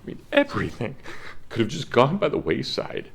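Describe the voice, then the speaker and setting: A man's voice: medium pitch, wildly swooping pitch, moderate pace, gravelly, husky. A middle-aged man, a college professor, giving an earnest classroom lecture and telling a story with feeling, his voice at times cracking with emotion. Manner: earnest storytelling, breaks into laughs when moved.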